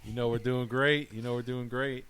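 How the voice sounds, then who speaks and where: A podcast host talks haltingly on his casual show, full of fillers and restarts. His mid-range voice is fairly bright with fairly even intonation, over a little hiss or hum.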